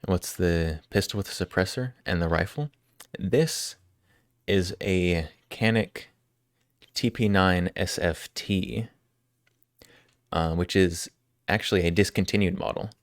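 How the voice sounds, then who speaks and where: A man's voice: low-pitched, takes it slowly, long pauses, no room sound, studio quality. A man live-streaming, chatting casually and jokingly with his viewers as he answers their questions.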